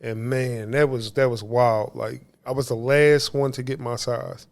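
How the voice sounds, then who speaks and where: Excitable man on a podcast. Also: mid-range voice, measured pace, creaky. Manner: excitable, profane, acts out quotes loudly. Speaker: podcast co-host. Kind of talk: casual chat.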